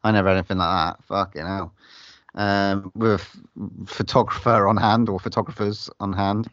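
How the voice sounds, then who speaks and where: A man's voice: on the low side, little pitch movement, moderate pace, fairly bright tone, no echo, muffled recording. A man chatting on a film podcast, hesitant with many fillers and some swearing. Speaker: podcast co-host. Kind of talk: casual film podcast chat.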